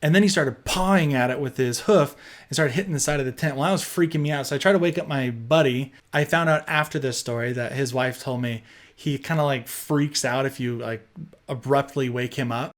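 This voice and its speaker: A young man narrating a personal storytime tale in a chatty, animated way, full of fillers. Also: mid-range voice, a little fast.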